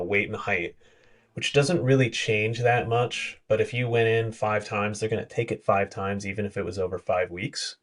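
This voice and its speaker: A man appearing as a podcast guest, explaining with detailed examples and blunt asides. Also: lowish voice. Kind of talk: conversational podcast discussion.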